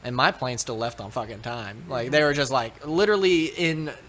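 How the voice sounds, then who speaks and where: A man from Texas, telling a story in casual podcast chat, animated and swearing often. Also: medium pitch, a little fast. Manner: animated, swearing, acts out quoted voices. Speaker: podcast co-host.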